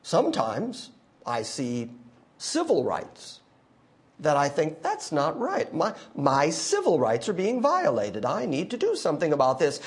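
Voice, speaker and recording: A man preaching to a congregation in a lively, animated voice that rises and falls. He is emphatic, dropping low for asides and climbing high for forceful declarations. His voice sits a little above the usual male pitch. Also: measured pace. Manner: emphatic, swings from quiet asides to loud declarations. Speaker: pastor. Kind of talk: sermon.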